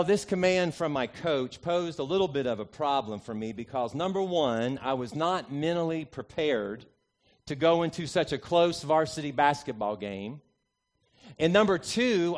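A pastor in his forties opens his sermon with a funny personal story, delivered with lively, punchy emphasis in a voice that runs a little high.

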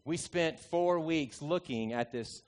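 A man in his forties, a preacher, leads into his sermon with an amusing personal story, giving it lively and punchy emphasis. He speaks slowly, and his voice is on the high side.

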